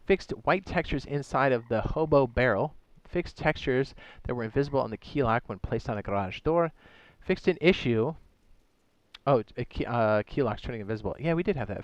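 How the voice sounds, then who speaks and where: A man's voice: medium pitch, dry recording, muffled recording. A man reading out game patch notes in a casual way, adding joking asides and stumbling and correcting himself as he goes. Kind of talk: casual commentary reading a list aloud.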